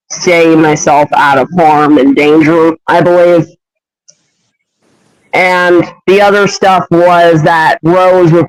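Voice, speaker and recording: Young adult male, hesitant rambling storyteller, fairly high, dry. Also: no echo, poor audio. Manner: hesitant, rambling, many fillers. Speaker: fan voice actor. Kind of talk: rambling fan story pitch.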